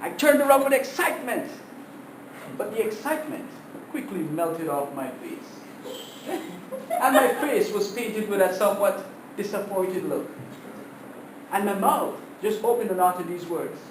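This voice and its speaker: A man giving a prepared humorous speech to his class, telling stories in an animated way and laughing at his own jokes, heard from across a classroom. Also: high-pitched, a little slow, long pauses, echoey room, distant mic, background noise.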